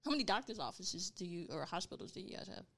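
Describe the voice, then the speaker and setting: A woman's voice: fairly low pitch, big pitch swings, fast talker, fairly bright tone. A young woman co-hosting a casual chat, talking loosely and filling gaps with "like.". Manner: chatty, trailing off with lots of "like".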